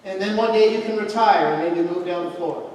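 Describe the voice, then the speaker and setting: A man's voice: high-pitched, fast talker, a crowd in the background. A male pastor preaching a sermon as a storyteller who builds to emphatic points, recorded in a church hall. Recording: echoey hall, mic far off.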